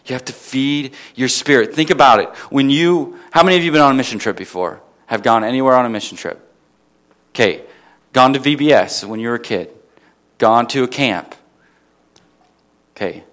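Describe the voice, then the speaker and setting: A man's voice: medium pitch, normal speed, long pauses, fairly bright tone. A man preaching a sermon at a church gathering, asking his listeners questions and building to emphatic peaks.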